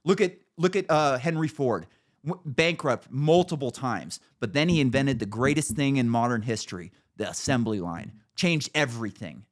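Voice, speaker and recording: A man's voice: mid-range voice, expressive, normal speed. A man hosting a podcast, ranting in casual chat with an emphatic, profane manner. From United States. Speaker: podcast host.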